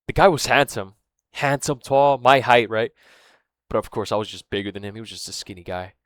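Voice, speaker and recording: A man's voice: lowish voice, steady tone, fairly quick, dry recording, studio quality. A man telling a story in a casual, rambling monologue, swearing often and losing his thread, with fillers like "right?" and "man". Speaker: vlogger.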